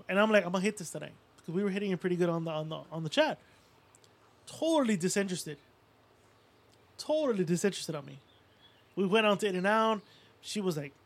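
A man in his thirties co-hosting a podcast, telling crude stories with lots of swearing and quoted voices. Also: sits high. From Puerto Rico. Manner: profane storytelling, mimics people in quotes. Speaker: podcast co-host. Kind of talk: casual chat.

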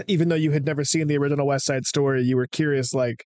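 A man's voice: a little high, steady tone, fast talker, a little mellow, no echo. Skeptical man on a movie podcast. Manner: skeptical, casual, repeats himself with filler. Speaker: podcast co-host. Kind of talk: casual movie podcast chat.

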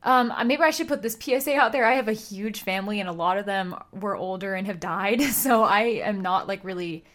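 A woman's voice: mid-range voice, brisk, few pauses, fairly bright tone. A woman in her twenties co-hosting a podcast in casual chat, rambling with lots of fillers and frequent laughter. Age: 20s. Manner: giggly, rambling with many "like" fillers. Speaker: podcast co-host.

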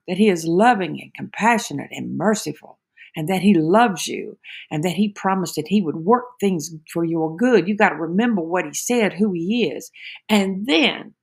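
A woman's voice: medium pitch, creaky, husky. A woman giving an earnest devotional talk, often repeating words as she starts a phrase. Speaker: devotional speaker.

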